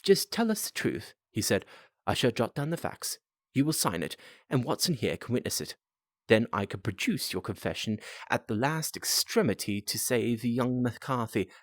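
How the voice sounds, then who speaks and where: A man voicing a calm, sharp-minded male detective in a storybook reading, explaining step by step. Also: mid-range voice, moderate pace, no room sound, clean studio sound.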